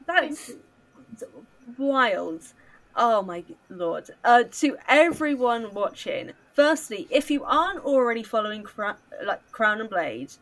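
A woman hosts a relaxed interview, her voice sitting at an ordinary middle pitch. She gushes with excitement and leans on plenty of little fillers as she talks. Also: slow pace, poor audio. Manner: bubbly, gushing, many fillers. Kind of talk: casual video-call interview.

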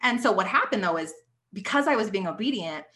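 A young adult woman telling her faith story on a podcast, animated and chatty with lots of filler words. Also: mid-range voice, fairly quick. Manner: animated storytelling with many likes. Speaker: podcast guest. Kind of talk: casual testimony.

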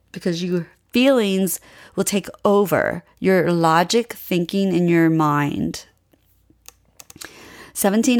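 A middle-aged woman hosting a solo self-help podcast, talking to listeners earnestly, with many fillers and restarts. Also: medium pitch. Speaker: podcast host.

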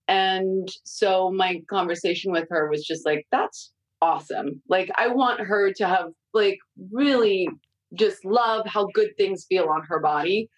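A woman's voice: medium pitch, no echo, poor audio. A woman, a mother of young kids, chatting candidly as a podcast guest, with frequent fillers and casual swearing.

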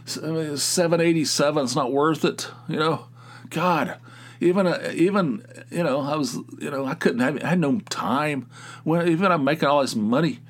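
A middle-aged man hosting a podcast, telling a story in a rambling, exasperated way, with many restarts, laughing at his own tale. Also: mid-range voice. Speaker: podcast host. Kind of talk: casual monologue storytelling.

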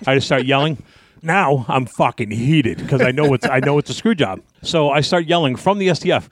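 A man, a wrestling guest, telling a story in casual talk, cursing freely and acting out his shouting. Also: medium pitch, brisk, no echo, clean studio sound. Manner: profane, animated, acts out yelling.

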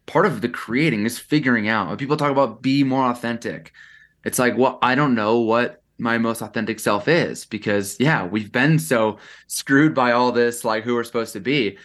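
A man's voice: medium pitch, moderate pace, fairly bright tone. Chatty man on a podcast, musing aloud. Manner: reflective, talks in bursts with lots of "like" and restarts. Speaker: podcast guest, content creator. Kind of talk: casual podcast chat.

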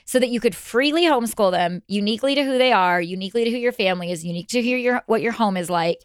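A woman's voice: on the high side, fast talker, smooth, no echo, clean studio sound. A woman appearing as a podcast guest in casual chat, upbeat and encouraging, often chiming in to agree.

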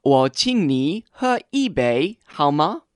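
A man's voice: a little high, sing-song, slow pace, clean tone, dry recording, clean studio sound, faint music behind. A man co-hosting a radio language lesson, playing the curious learner who repeats phrases after the teacher. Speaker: co-host and learner.

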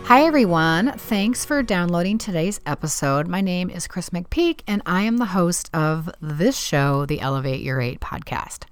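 A woman's voice: lowish voice, animated, normal speed, hardly any pauses, clean tone. A woman hosting her own podcast, talking in a chatty, candid and self-deprecating way. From Southern California. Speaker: podcast host. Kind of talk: casual solo podcast talk.

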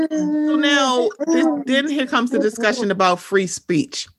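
A woman's voice: fairly high pitch, animated, unhurried, fairly bright tone, no room sound, studio quality. A young woman chatting casually as a podcast co-host, acting out her own reactions in quoted asides. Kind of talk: casual chat.

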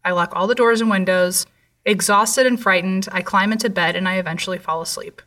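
Woman, narrator, true horror story, somber, bright tone, set back from the mic. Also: medium pitch, fairly even intonation, fairly quick, distant mic.

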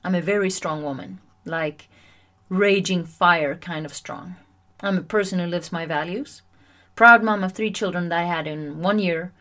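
A woman hosting a solo self-help podcast, chatty and animated, often poking fun at herself. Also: on the low side, moderate pace. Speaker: podcast host.

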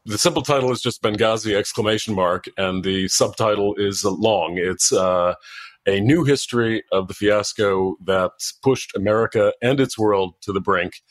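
Male guest, deep voice, dry sound, careful and hesitant delivery. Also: dry recording. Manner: measured, thoughtful, with frequent hesitations. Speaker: guest, former diplomat and author. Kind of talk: interview answers.

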